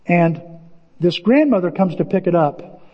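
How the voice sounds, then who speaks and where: Middle-aged pastor, high husky voice, lively preaching, echoey church recording. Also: male voice, unhurried. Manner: animated, storytelling, shouting bursts of excitement. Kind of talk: sermon. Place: church sanctuary. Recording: dull lo-fi audio with long church reverb.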